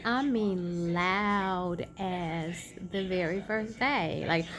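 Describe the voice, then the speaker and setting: A woman vlogger casually retelling a personal story, chatty and animated, acting out quoted dialogue. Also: medium pitch, extremely slow, hardly any pauses. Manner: many fillers and restarts.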